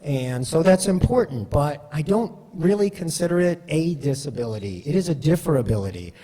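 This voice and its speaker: A man's voice: fairly high pitch, expressive, moderate pace, mellow, in a large hall. A man giving a conversational storytelling talk, full of fillers and asides like "right?". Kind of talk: storytelling presentation.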